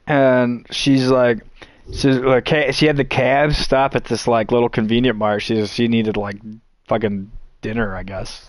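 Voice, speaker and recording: A man in easy conversation, spinning a meandering anecdote full of swearing and little laughs. His voice sits at an ordinary middle pitch. The sound is close and dry, with no room around it. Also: no room sound. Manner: rambling, profane, laughs often. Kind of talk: casual storytelling.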